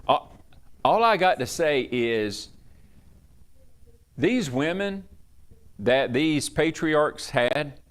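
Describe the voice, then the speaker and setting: A man, a pastor teaching a Bible study in a chatty, digressive way in a church. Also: medium pitch. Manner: chatty, digressive, acts out quoted speech.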